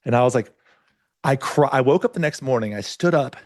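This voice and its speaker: In a casual podcast chat, a middle-aged male host spins a lively story and performs the characters' quoted lines. His voice is mid-range and fairly quick. The studio sound is clean, with no room sound.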